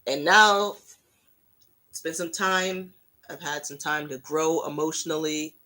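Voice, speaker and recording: A fan hosting a casual livestream, telling a rambling, self-mocking story in an animated way. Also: medium pitch, moderate pace.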